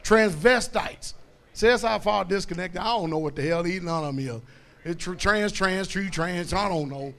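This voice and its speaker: Preaching at a moderate pace, a high-pitched male pastor speaks bluntly and colloquially. He repeatedly has the congregation finish verses for him, then rises into loud, emphatic preaching.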